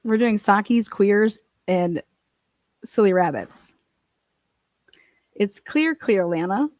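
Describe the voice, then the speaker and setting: A woman's voice: mid-range voice, expressive, slow pace, darkish tone, no room sound. Lady on a true crime stream, cussing a lot, laughing, reading docs out, dry sound. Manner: swears freely, laughs, reads documents aloud. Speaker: true crime livestream host. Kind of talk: casual profane livestream commentary.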